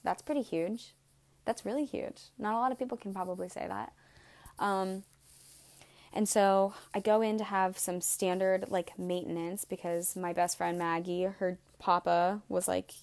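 A woman's voice: on the low side, steady tone, normal speed, gravelly. A woman in her twenties telling a rambling story to camera, swearing freely and saying "like" constantly. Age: 20s. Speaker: vlogger. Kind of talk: casual storytelling vlog.

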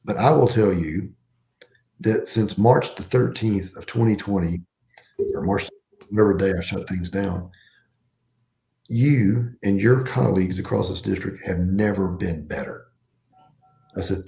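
A man's voice: on the low side, sing-song, normal speed, creaky, warm tone. A middle-aged man, a school superintendent, speaking earnestly and emphatically in a podcast interview, often restarting his phrases.

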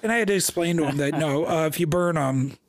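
A man in casual chat, telling lively stories about a house and acting out the voices of the people in them. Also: a little high, fast talker, dry recording. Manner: animated, acts out quoted dialogue, many restarts.

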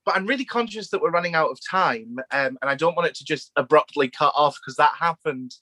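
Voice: mid-range voice, animated, a little fast, bright, forceful tone, no room sound. A podcast host and eager fan, interviewing a guest informally over a video call.

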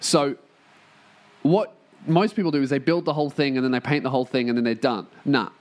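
A man with a medium-pitched voice and a brisk pace hosts his podcast from a room in a shared workplace. He rambles casually, swearing and making jokes at his own expense.

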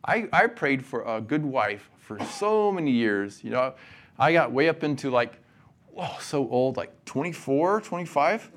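A man's voice: mid-range voice, animated, measured pace, fairly bright tone. A man delivers a chapel sermon at a college. He keeps it casual and conversational, joking with his listeners between readings. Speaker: guest chapel speaker.

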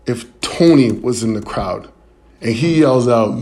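A man performing a stand-up comedy set, telling a story in an animated way with laughs and quick acted quotes. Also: mid-range voice. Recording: loud crowd and noise behind. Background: crowd laughter and room noise.

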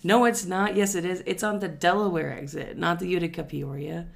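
A woman's voice: fairly low pitch, fairly even intonation, a little fast, gravelly. A young woman, a podcast co-host telling stories in casual chat, loose and profane, often laughing.

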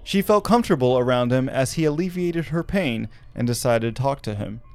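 A man's voice: medium pitch, animated, a little fast, a little mellow, clean tone, dry recording, soft background music. A man from Arkansas who hosts a podcast, telling a story with wry asides and laughing at his own jokes. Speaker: podcast host.

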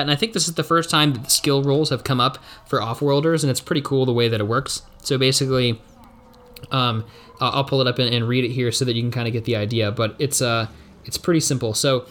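A man's voice: medium pitch, fairly bright tone. A man narrating a solo tabletop game as game master, thinking aloud in a rambling, self-correcting way.

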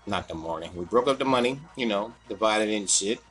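A man telling a long, profane work story in casual chat. He acts out the other people in a higher voice. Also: animated, fairly quick, fairly bright tone, faint music behind.

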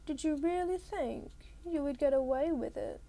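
A woman's voice: high-pitched, normal speed, warm tone. A woman voicing a cold, threatening female teacher who is secretly a monster, read as an audiobook. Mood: menacing. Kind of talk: audiobook reading.

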